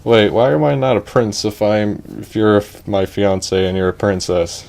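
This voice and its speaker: A man's voice: on the low side, fairly even intonation, normal speed, vocal fry, darkish tone. A man doing a cocky, dim warrior. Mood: brash. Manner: brash and blustering.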